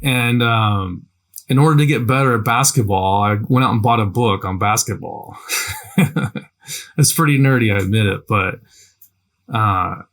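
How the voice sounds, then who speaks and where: Man, mid pitch, casual teaching talk, conversational, repeats himself, checks in with "right?". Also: a bit bright. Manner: conversational, repeats words, asks "right?" often. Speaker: language teacher.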